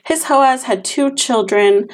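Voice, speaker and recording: A woman's voice: sits high, unhurried. A young woman co-hosting a casual podcast chat, telling stories full of fillers like "um" and "like.". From another country. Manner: chatty, storytelling, lots of fillers. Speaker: podcast co-host.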